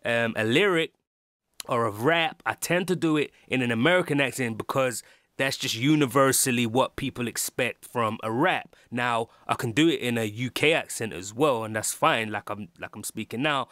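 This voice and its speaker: A man's voice: medium pitch, moderate pace, fairly bright tone, no room sound. London man, chatty tutorial, dry sound. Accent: London English. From England. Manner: rambling, lots of ums and restarts. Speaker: music producer. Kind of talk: casual tutorial walkthrough.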